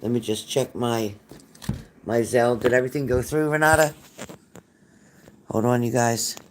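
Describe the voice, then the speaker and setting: A man's voice: medium pitch, fairly even intonation, moderate pace, slight background noise. A man hosting a live-stream psychic reading, reassuring and folksy, repeating phrases and calling viewers honey. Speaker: psychic reader.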